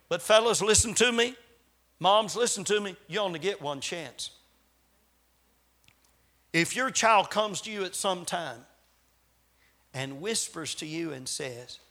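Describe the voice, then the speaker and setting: A man preaching a sermon as a visiting preacher, swinging between loud appeals and hushed asides. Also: sits high, a little slow, long pauses. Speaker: traveling preacher.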